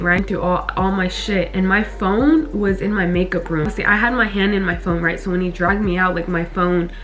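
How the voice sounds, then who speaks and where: A young woman telling her story in a casual vlog, talking fast, swearing and filling with "like" all the way through. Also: medium pitch. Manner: fast, heavy on "like", swears, animated retelling. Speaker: vlogger.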